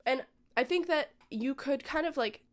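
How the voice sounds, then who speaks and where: A woman's voice: sits high, normal speed. A woman vlogger talking casually and with strong opinions, with lots of "like" and "um". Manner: opinionated, chatty, frequent "like" and "um". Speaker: vlogger reviewing a film. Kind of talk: casual chat.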